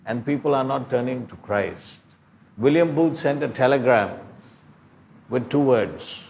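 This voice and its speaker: Gravelly older man preaching. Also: mid-range voice, measured pace, darkish tone. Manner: pleading, emphatic preaching with storytelling. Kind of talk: sermon.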